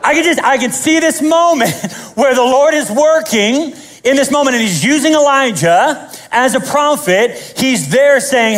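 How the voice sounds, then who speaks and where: High-voiced animated male pastor. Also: unhurried. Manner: animated, joking, acts out scenes. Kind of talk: sermon.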